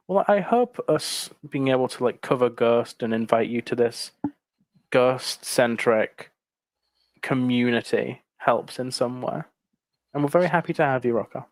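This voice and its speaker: Male co-host, chatty and self-deprecating, relaxed chat, dry mic. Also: mid-range voice, normal speed, no echo. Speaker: co-host of a fan livestream. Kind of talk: casual livestream chat.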